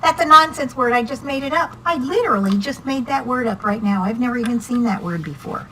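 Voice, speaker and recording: A woman's voice: on the high side, animated, brisk, background noise. A woman teaching reading one-on-one to a student, patient and encouraging, asking many questions.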